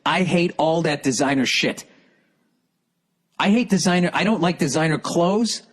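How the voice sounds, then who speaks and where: A middle-aged male comedian delivering an angry, profane ranting monologue with sudden shouted outbursts. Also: on the high side, normal speed.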